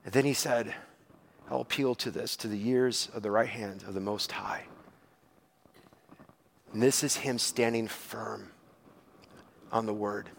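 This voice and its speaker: A man's voice: steady tone, unhurried, creaky, long pauses, a little hiss or hum. A man preaching in a conversational, earnest way, leaning on "like" as a filler and paraphrasing a psalm aloud. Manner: conversational, earnest, heavy use of "like"; voice drops low and soft toward the end. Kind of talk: sermon.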